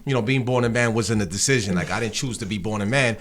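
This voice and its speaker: A man's voice: fairly low pitch, fast, fairly bright tone. A man co-hosting a casual talk show, speaking earnestly and backing up his co-host with frequent agreement. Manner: earnest, many backchannel yeahs, restarts when making a point. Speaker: podcast co-host. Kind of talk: casual chat.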